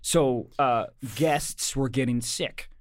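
A man's voice: medium pitch, slow, no echo. A man who works as a comedian, telling a story in a casual chat with frequent restarts.

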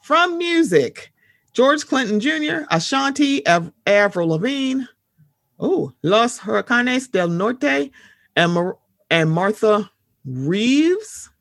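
A woman hosting a casual podcast chat, talking in a blunt, animated, often profane way and reading out news items. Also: on the high side, slow pace, gravelly, no echo, clean studio sound. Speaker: podcast host.

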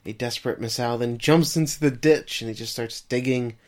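A man's voice: medium pitch, steady tone, brisk. A man co-hosting a podcast, summarizing the plot of an episode in a casual way and turning to his co-host with questions. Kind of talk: casual recap chat.

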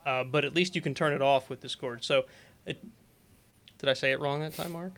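A man's voice: mid-range voice, fairly even intonation, fairly quick, fairly bright tone. A middle-aged man hosting a live-streamed podcast, rambling through announcements and breaking off into laughs and asides. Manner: rambling, self-interrupting, laughs often. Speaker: podcast host. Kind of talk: casual live-stream chat.

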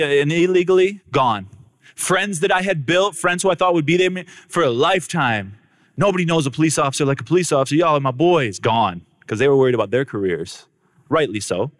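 A man's voice: on the high side, a bit bright, no room sound. Man telling his testimony in a dry room. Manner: dramatic storyteller who acts out the dialogue; speaks directly to the crowd. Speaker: speaker giving a personal testimony. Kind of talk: testimony storytelling to an audience.

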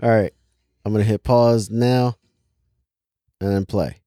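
A man co-hosting a podcast, making wry, quick quips in a casual chat about a movie. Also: lowish voice, fairly even intonation, dark tone, dry recording, clean studio sound. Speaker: podcast co-host.

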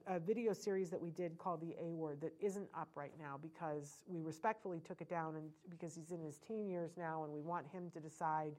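A middle-aged woman talking earnestly to parents, animated and full of restarts and fillers. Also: low-pitched. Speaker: parent educator speaking to parents. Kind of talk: informal talk to an audience.

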